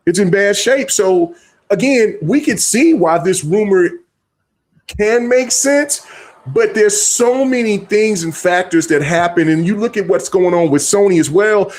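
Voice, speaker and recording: Man, podcast host, casual gaming chat, slightly high pitch, rambling, lots of restarts. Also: measured pace. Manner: animated, rambling with restarts and fillers.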